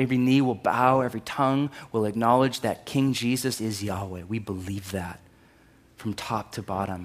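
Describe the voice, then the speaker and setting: A middle-aged man pastor preaching a sermon in an emphatic, energetic way, climbing to loud high peaks and dropping to quiet low stretches. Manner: energetic, emphatic preaching with sudden rises in pitch and volume.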